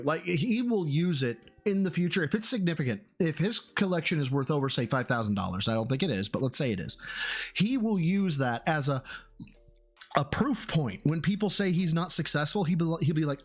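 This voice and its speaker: A man's voice: on the high side, sing-song, moderate pace, faint music behind. A male host reacting to stream clips with casual commentary. He is exasperated and profane and often stumbles and restarts.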